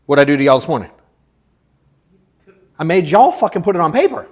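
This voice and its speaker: A man's voice: sing-song, brisk. Blunt, profane man coaching a room. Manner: blunt, profane, swings from emphatic to low and quiet. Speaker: sales coach. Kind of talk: live coaching session with an audience.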